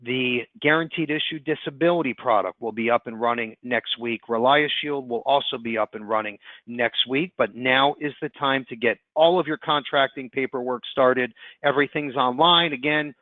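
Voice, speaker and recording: A man giving an upbeat, fast sales pitch as presenter on a webinar call. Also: dry recording. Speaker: insurance platform presenter. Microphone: conference call line. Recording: tinny phone-line audio.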